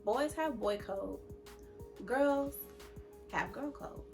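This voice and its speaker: A woman's voice: on the high side, takes it slowly, vocal fry, over music. Emphatic young woman hosting a chat. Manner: emphatic, preachy, repeats for emphasis. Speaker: host. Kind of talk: casual advice chat.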